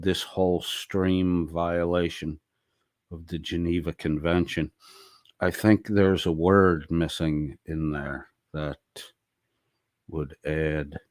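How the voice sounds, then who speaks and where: A man's voice: deep voice, no echo, clean studio sound. A man hosting a late-night livestream, reading chat messages aloud and responding in a blunt, profane, sarcastic way.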